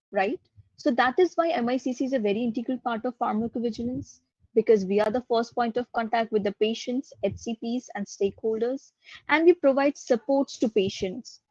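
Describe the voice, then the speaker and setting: A woman's voice: medium pitch, a little mellow, no room sound. A woman with an Indian English accent giving an online course lecture, explaining things step by step and repeating her key points. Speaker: guest lecturer. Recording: dull lo-fi dry audio.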